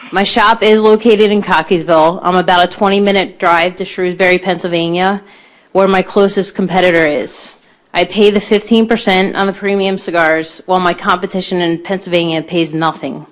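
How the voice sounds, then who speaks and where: A woman, a small shop owner, giving earnest public testimony at a legislative hearing. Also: medium pitch. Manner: earnest, pleading, grows tearful.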